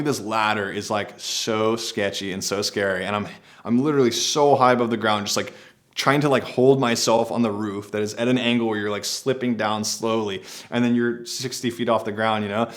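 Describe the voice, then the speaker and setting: A man telling a personal adventure story to camera in a laid-back, rambling way, often saying "like". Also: mid-range voice.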